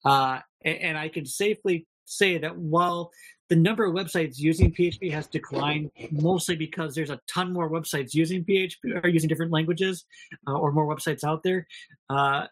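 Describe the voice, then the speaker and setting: A man's voice: fairly high pitch, moderate pace, fairly bright tone. A man with a Minnesota accent co-hosting a casual podcast, rambling and self-deprecating with lots of fillers. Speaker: podcast co-host.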